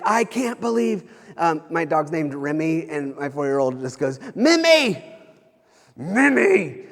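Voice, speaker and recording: A man in his thirties, a pastor, preaches in a loose, conversational way. His voice sits a little high for a man, and he often restarts and repeats phrases. The sound carries a long reverb tail, as if from a church sanctuary. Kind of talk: sermon.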